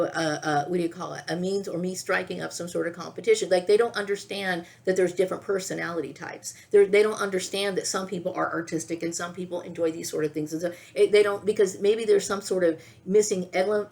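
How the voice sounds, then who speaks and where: A middle-aged woman talks straight to her camera in a rambling, worked-up vlog. Her voice sits fairly low and has a gravelly, fry-laden texture. She circles back on herself and keeps pressing her point with "okay?". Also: steady tone, brisk, few pauses, a little mellow. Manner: agitated, repetitive, keeps asking "okay?". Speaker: vlogger. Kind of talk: rambling direct-to-camera monologue.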